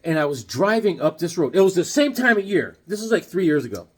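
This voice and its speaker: A man with a high, husky voice talks casually about a haul of comic books. His pitch swoops all over, and he keeps slipping into silly put-on voices and jokes. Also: brisk. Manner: animated and jokey, slips into silly voices. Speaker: comic book collector showing his haul. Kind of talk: casual chat.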